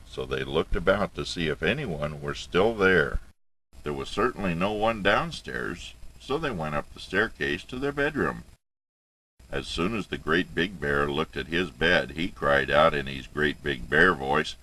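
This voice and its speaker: An older man reading a fairy tale aloud for his granddaughter, playful and expressive, with chatty asides. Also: a bass voice, a little slow, low-quality recording. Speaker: storyteller grandfather.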